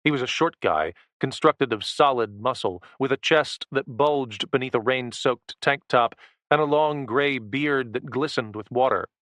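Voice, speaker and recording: A man narrating a first-person action thriller audiobook with a low, tense, steady delivery. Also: unhurried, no echo.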